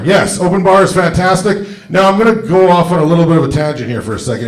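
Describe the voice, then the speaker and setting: A man's voice: a little high, lively intonation, a little fast, hardly any pauses. A man doing a stand-up set in a comedy club. He talks in a casual, rambling way into a handheld mic and keeps tossing "right?" to the crowd. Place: comedy club stage before a live audience. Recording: echoey comedy club, from far off.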